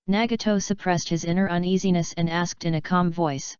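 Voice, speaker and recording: A woman narrating a fanfiction audiobook in an even, measured reading. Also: on the low side, smooth, no room sound. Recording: slightly dull, dry lo-fi recording.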